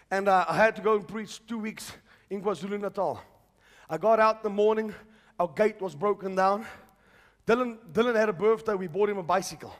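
A man preaching a charismatic sermon, moving from quiet storytelling to shouted declarations. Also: high voice. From South Africa. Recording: long hall reverb.

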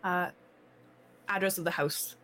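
A woman playing a tabletop game, describing her character's actions in a lively way. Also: lowish voice, a little slow, poor audio. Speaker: player.

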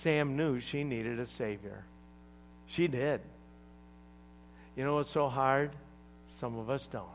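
A man preaching a sermon to a congregation, swinging between loud emphatic lines and hushed asides, joking with the room. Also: mid-range voice, slow pace, long pauses, slight background noise. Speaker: pastor.

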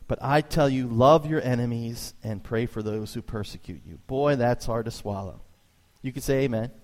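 A man preaching a sermon as pastor, telling stories with lively emphasis and sudden high jumps in his voice. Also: normal speed. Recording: long reverb of a church hall.

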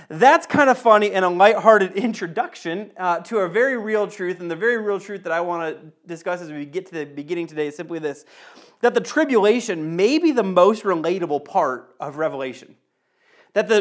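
A man in his thirties who preaches a sermon, tells a personal story with animation and repeats phrases for emphasis. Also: high voice. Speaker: pastor.

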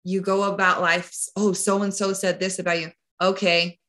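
A woman's voice: medium pitch, little pitch movement, normal speed, a bit bright. A woman hosting a podcast who talks in an earnest, emotional and emphatic way. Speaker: podcast host. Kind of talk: casual podcast conversation.

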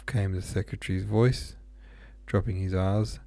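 A man's voice: fairly low pitch, steady tone, a little slow, dark tone, dry recording. A man reading a classic novel aloud, unpolished, with small slips and asides. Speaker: audiobook reader.

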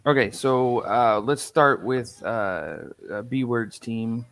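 A man's voice: mid-range voice, takes it slowly, a bit bright, dry recording. A man acting as guest moderator on a podcast, hesitant and stumbling over his words. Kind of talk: casual comedic chat.

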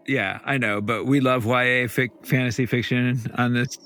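Gravelly, bright-voiced male podcast host. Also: medium pitch, steady tone, moderate pace. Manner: laid-back, chuckles often. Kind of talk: casual chat.

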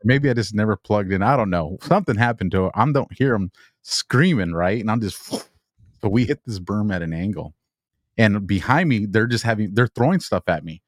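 A man's voice: fairly low pitch, expressive, moderate pace, no room sound, studio quality. A man, a military veteran, telling a story in casual chat and laughing as he goes. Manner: laughing while telling a story, acts out quoted voices. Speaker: veteran guest.

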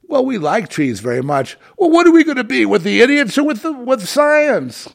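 A man putting on a fawning, gushing TV talk-show host in a high mocking falsetto. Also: very animated, normal speed, creaky, full character voice.

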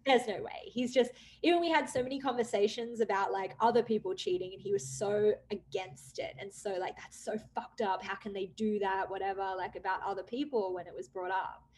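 A young woman candidly recounting a personal story, with many "like" fillers, acting out quoted dialogue with lively jumps in pitch. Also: brisk, few pauses, a little hiss or hum. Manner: chatty, frequent "like" fillers. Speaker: guest telling her story.

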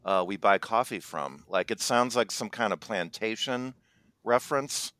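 A man with a very deep, smooth and resonant voice co-hosts a comedic chat. He rambles, filling pauses with ums and uhs. The sound is dry and close. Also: sharp tone, no echo. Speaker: co-host.

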